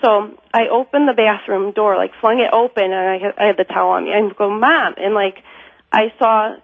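A woman's voice: mid-range voice, fairly even intonation, brisk, creaky, dry recording. A woman caller on a phone-in show, telling a personal story in a rambling way, full of fillers and nervous laughs. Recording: tinny phone line.

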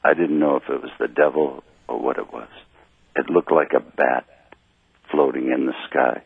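A slightly drunk man calling in to a radio show, telling a long story in a rambling, halting way over a phone line. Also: rumbling low, steady tone, gravelly, breathy edge, no echo. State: a little drunk. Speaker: caller. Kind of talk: call-in radio chat.

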